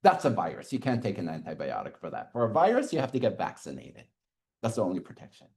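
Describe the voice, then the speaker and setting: Lively man lecturing a class. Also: fairly low pitch, fast talker, vocal fry. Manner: lively, chuckles often, checks in with "okay". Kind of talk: university lecture.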